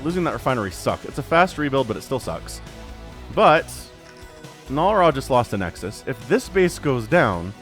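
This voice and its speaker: A man casting a real-time strategy match solo, chatty and rambling, with easily excited asides. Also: mid-range voice. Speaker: esports caster. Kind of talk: solo game commentary.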